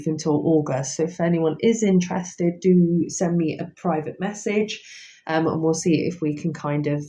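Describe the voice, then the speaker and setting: A woman's voice: fairly low pitch, dark tone. A woman, chatting casually and rambling with lots of ums while streaming live from a house at night on a phone. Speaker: paranormal investigator streaming live. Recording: roomy echoey house.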